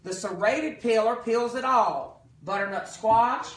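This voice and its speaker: A man's voice: sits high, measured pace, reverberant, distant mic, rough recording. Folksy man demoing kitchen tools. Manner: folksy, jokey, chatty with guests. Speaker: cooking demonstrator. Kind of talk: live kitchen product demo. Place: kitchen with live guests.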